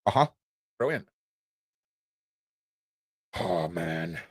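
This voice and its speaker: Excitable man, lively voice. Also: sits low, very slow, husky, no room sound. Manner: excitable, mocking, sarcastic, slangy. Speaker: podcast host. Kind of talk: casual livestream chat.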